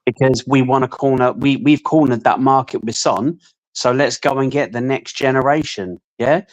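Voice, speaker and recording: A man co-hosting a casual fan stream, talking at length in measured, opinionated stretches. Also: mid-range voice, low-quality recording. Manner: long opinionated monologues, measured. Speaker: podcast co-host.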